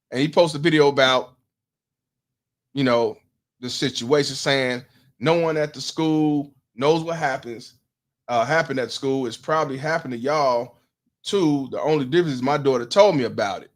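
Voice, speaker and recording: A man, hosting a commentary stream, blunt and profane, putting questions to his audience. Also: a little high. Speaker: host.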